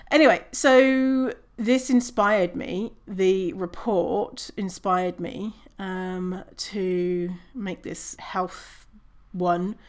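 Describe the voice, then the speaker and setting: A woman hosting her own podcast, talking casually on her own, swearing and laughing at herself. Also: medium pitch. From British Columbia, Canada. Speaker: podcast host. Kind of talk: casual solo podcast talk.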